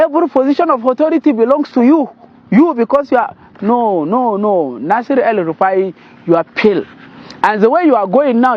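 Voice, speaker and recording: A Nigerian man with a very high voice that swoops up and down as he scolds. His tone is indignant and his words come in bursts. The sound is dull and lo-fi. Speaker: political commentator. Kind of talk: commentary translating a clip.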